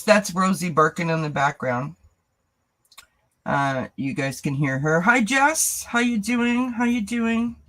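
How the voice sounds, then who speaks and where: A woman's voice: deep voice, fairly bright tone, rough recording. A woman hosting a tarot channel, chatting casually on a live stream, greeting viewers by name and laughing often. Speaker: tarot reader and channel host.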